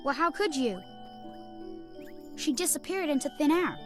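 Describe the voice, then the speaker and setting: A man's voice: extremely high pitch, animated, moderate pace. A man voicing a timid, earnest young boy in a video game, speaking hesitantly. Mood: puzzled. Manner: hesitant, questioning. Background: game music.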